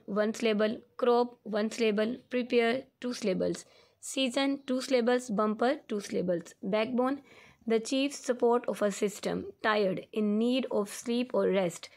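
Woman, teacher, slow clear reading for small kids, slightly high voice. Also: a little mellow. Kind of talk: reading a textbook lesson aloud.

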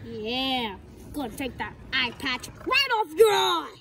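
A bratty, bossy boy , as a woman puts him on in a game role-play, teasing and goofy. His voice is high and swoops up and down, with a light hiss in the background. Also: sing-song, slow, bright, forceful tone, exaggerated voice. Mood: taunting. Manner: taunting and silly. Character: pesky boy who taunts and chases, bossy.

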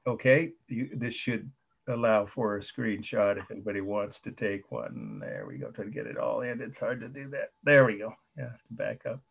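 A man lecturing on art history over a video call, slowly spelling out terms and repeating key points. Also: lowish voice, sing-song, creaky, slightly rough, lo-fi sound. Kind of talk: online lecture.

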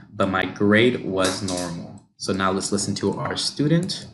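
A man coaching pronunciation on a livestream, slowly modelling and repeating words for learners. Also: low-pitched, a bit bright, a little hiss or hum. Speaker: pronunciation teacher.

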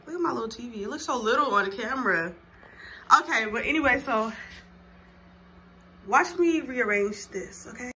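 A woman's voice: on the high side, expressive, normal speed, long pauses. A young woman vlogging casually from her bedroom, talking straight to her viewers in a slangy, chatty way. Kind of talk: casual chat to camera.

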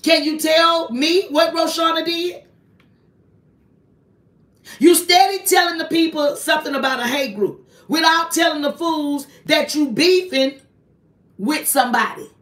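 On a confrontational live stream, a woman with a high, fairly bright voice hammers one person with accusing rhetorical questions, over and over, and calls on God in a preachy way. She speaks a little slowly and pauses often. The recording has a roomy echo, and she sounds distant from the mic.

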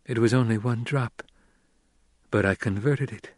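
A man's voice: medium pitch, measured pace, a little mellow, no echo, clean studio sound, close to an everyday voice. A man reading the lines of a weakened young nobleman who speaks weakly but steadily. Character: young nobleman, weak, visionary, calm.

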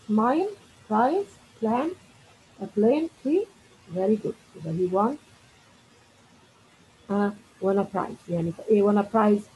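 A woman's voice: mid-range voice, a little mellow, a little hiss or hum, rough recording. A woman with an Egyptian accent teaching an exam review lesson. She reads test items aloud, explains them, and praises imagined students. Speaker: English teacher.

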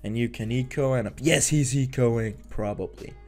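A young man talks over his own game session in a loose, unscripted way, cursing and stuttering as things go wrong. His pitch sits in an ordinary middle range. Quiet game music plays underneath. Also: normal speed. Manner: frustrated, rambling, swears and stutters. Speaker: gaming YouTuber. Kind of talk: casual gameplay commentary.

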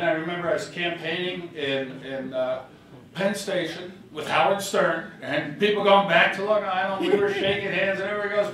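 A man's voice: high-pitched, fairly quick, a crowd in the background. An older man, a former governor, giving a political speech full of anecdotes and acted-out quotes. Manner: storytelling, animated, acts out quotes. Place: hotel ballroom reception. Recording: echoey ballroom from far off.

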